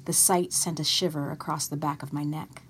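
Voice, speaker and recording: A woman author reading aloud from her own novel in a measured storytelling way. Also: low-pitched, fairly even intonation, a bit bright, a little hiss or hum.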